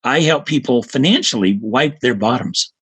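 A man in his seventies, a guest in a casual interview, telling stories in an energetic, emphatic way. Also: mid-range voice, moderate pace, husky. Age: 70s.

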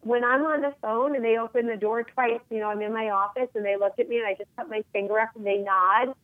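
A woman in her forties speaks as a guest in a phone interview. Her voice comes over a thin, tinny phone line with no room sound at all. She talks in an emphatic, animated way. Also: fairly high pitch, quick pace, no echo. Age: 40s.

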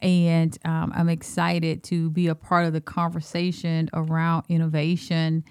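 A woman's voice: low-pitched, completely flat delivery, a little mellow, clear, resonant tone, no echo, studio quality. Earnest woman with an Alabama accent. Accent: Southern US (Alabama). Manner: earnest, measured storytelling. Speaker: school superintendent, guest. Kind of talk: podcast interview.

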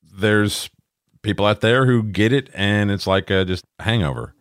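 Older guy hosting a podcast, real deep voice, dry jokey delivery. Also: unhurried, no room sound. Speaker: podcast host. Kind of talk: casual podcast banter.

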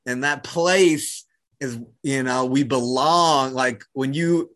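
A man from New Zealand with a New Zealand accent, talking casually as an interview guest, full of "like" and "right?" and quick to laugh. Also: mid-range voice, fairly bright tone. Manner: casual, heavy use of "like" and "right?", laughs easily. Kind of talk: reflective conversational interview.

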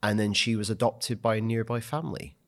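A man's voice: lowish voice, flat delivery, brisk, creaky. Analytical male podcast co-host. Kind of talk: casual film discussion.

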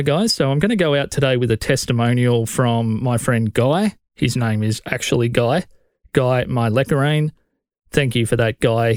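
A man's voice: medium pitch, no echo. Blunt Australian man, dry close mic. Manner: blunt, conversational, opinionated. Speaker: podcast host. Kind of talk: solo podcast advice.

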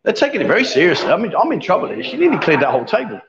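A man with a notably high voice hosts a casual live stream, joking and bantering as he goes. He is picked up on a camera mic in a busy bar, and the sound is a little muffled. A lively crowd chatters loudly behind him. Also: rapid-fire. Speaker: livestream host. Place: busy bar with a pool table.

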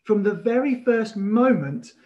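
A man preaching a sermon as pastor, telling stories with animated emphasis and pauses. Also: sits high, lo-fi sound.

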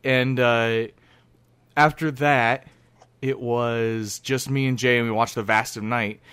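A man's voice: mid-range voice, fairly even intonation, slow pace, fairly bright tone, clear, resonant tone. A man chatting casually on a group podcast, telling a long story with many restarts. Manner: rambling, self-interrupting storyteller. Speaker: podcast co-host.

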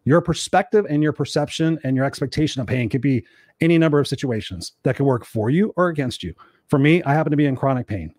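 A man's voice: medium pitch, expressive, quick pace, darkish tone, no room sound. Emphatic motivational man, dry close sound. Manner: emphatic, repetitive, acts out quoted voices. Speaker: motivational show host. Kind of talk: motivational talk to viewers.

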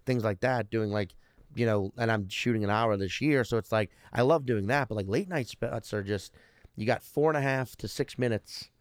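A fairly low-voiced man in his thirties tells stories as a stand-up comedian guest, rambling and restarting his sentences and swearing freely. His voice sounds dry and close to the mic, with almost no room sound around it. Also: moderate pace, no echo. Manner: profane, rambling, restarts often. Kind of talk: casual podcast storytelling.

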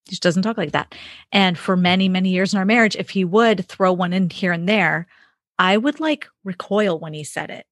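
A woman's voice: on the low side, moderate pace, no echo, clean studio sound. A woman co-hosting a casual talk show, sharing a personal story in a chatty, self-deprecating way with frequent laughs.

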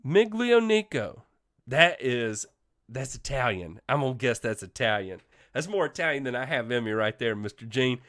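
A man hosting a casual livestream show, congested from a sinus infection, giving energetic shout-outs to viewers. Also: mid-range voice, normal speed. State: coughing.

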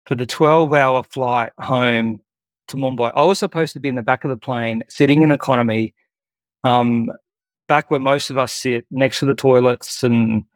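An earnest man recounts a personal story as an interview guest, unhurried and heartfelt, often pausing on fillers. His voice sits at an ordinary middle pitch, and the recording is dry and close, with no room sound. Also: no room sound. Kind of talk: conversational storytelling.

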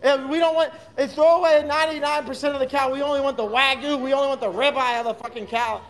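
Very high-voiced sarcastic ranting man. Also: steady tone, fast talker. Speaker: co-host. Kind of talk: casual live audio chat.

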